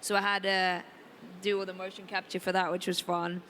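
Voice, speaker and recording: Actress on a convention panel, relaxed and searching for words, faint background noise. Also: female voice, lowish voice, brisk. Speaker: voice and motion capture actress.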